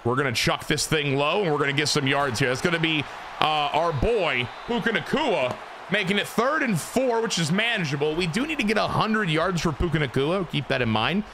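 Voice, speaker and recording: A man's voice: on the high side, animated, brisk, noisy background. A man giving casual, profane, joking play-by-play commentary while playing a football video game. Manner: joking, profane, self-deprecating. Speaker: gaming video host.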